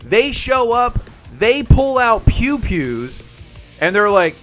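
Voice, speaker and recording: A young man hosting a live stream and telling a story to his viewers. His voice is high, bright and bouncy. He acts out the people in his story, and soft music plays in the background. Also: very animated, slow. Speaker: livestream host. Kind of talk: casual storytelling chat with viewers.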